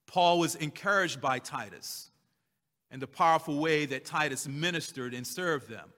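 A man delivers a sermon in a high, bright voice that carries a sharp edge. He repeats his key phrases and stretches out the verses he reads, pressing each point home. His words hang in a long reverb from a large hall. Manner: slow emphatic repetition, drawn-out scripture readings. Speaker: pastor.

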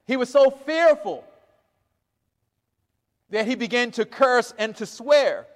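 A man's voice: very high voice, slow pace, in a large hall. A man preaching a sermon to his congregation, reading scripture aloud and acting out the quoted lines with chuckles. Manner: animated, acts out quoted lines with laughs.

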